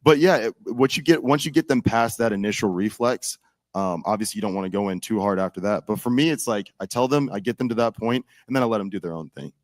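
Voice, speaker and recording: A young man with a fairly low voice talks in a loose, rambling way. He fills his sentences with "like" and restarts often, heard close on a dry recording. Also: quick pace, no room sound. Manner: rambling, filler-heavy, many restarts with "like". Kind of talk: casual political chat.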